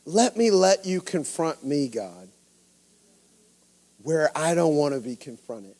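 A middle-aged man with a Cajun accent preaching a sermon, telling personal stories and swinging from quiet asides to shouted lines. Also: fairly high pitch, expressive, slow, long pauses. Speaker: pastor.

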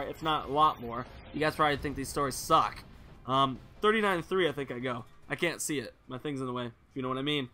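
A man's voice: fairly high pitch, pushed and bright. A young man telling rambling, joking stories as a gaming commentary vlogger, casual and crude.

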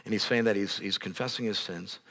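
A male pastor preaching a sermon in a casual, conversational way, with many restarts, growing louder and higher when stirred up. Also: fairly quick, creaky. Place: church sanctuary, on a raised stage.

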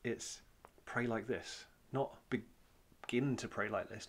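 Teaching on prayer in a relaxed sermon, a Welsh-accented man speaks plainly and conversationally, leaning on fillers and repeated phrases for emphasis. His medium-pitched voice is slow and fairly even in intonation with few pauses, and there's a little hiss or hum.

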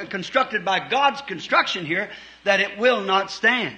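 A man preaching a fervent sermon, swinging from shouted points to quiet storytelling. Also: sits high, lively intonation, measured pace. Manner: fervent, rising to shouts, then dropping soft for stories.

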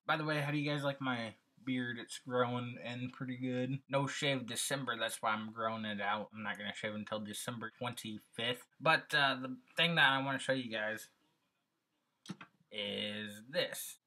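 A young man talks straight to his audience in a loose, rambling vlog chat. His voice has a bright, forward edge and sits at an ordinary pitch. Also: moderate pace, rough recording. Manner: chatty, rambling and upbeat. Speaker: vlogger.

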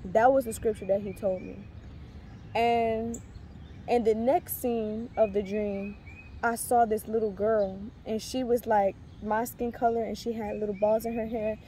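A woman's voice: a little high, fairly even intonation, measured pace, mellow, a little hiss or hum. A pregnant young woman rambling earnestly with many fillers and restarts as she shares a faith testimony in a casual vlog. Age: young adult. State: heavily pregnant. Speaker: faith vlogger.

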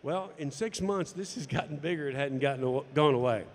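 A man tells a personal story, acting out each exchange with lively energy. His voice sits a bit high for a man. The sound carries a long reverb tail. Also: brisk. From United States. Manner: animated storytelling, acting out dialogue. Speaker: golf instructor and former tour pro. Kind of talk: personal story told to camera.

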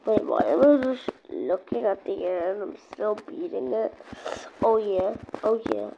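A woman who hosts a gaming channel rambles casually as she plays, repeating herself and bursting into sudden exclamations. Her medium-pitched, creaky voice swings widely in pitch at a measured pace. The audio is dull and lo-fi with faint noise.

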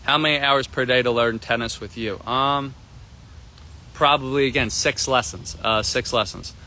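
A man teaching a tennis lesson on a live stream from an outdoor court, energetic and repetitive, often asking "right?". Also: medium pitch, normal speed. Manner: energetic, repeats himself, keeps asking "right?". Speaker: tennis coach.

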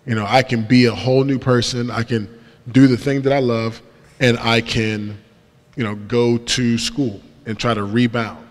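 A man's voice: mid-range voice, level tone, moderate pace. Young male guest speaker at a church, mid-range voice, casual slangy storyteller, long hall reverb. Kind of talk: testimony talk from the pulpit. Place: large church sanctuary.

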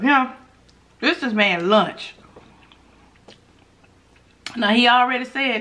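Woman, eating-vlog host, animated, swooping pitch, chatty and hums over her food. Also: slow pace, pauses often. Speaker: mukbang vlogger. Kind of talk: casual eating vlog talk to viewers.

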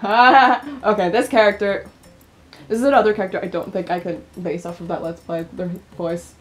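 A woman's voice: medium pitch, steady tone, moderate pace, faint music behind. A young woman hosting a game playthrough, chatty, laughing often and swearing freely. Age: young adult. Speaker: let's play host. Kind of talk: casual gameplay commentary.

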